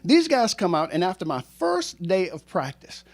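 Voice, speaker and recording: A former teacher and coach in his sixties tells a live audience a true story, animated and joking, poking fun at himself along the way. His voice is fairly high, his pace moderate, with few pauses.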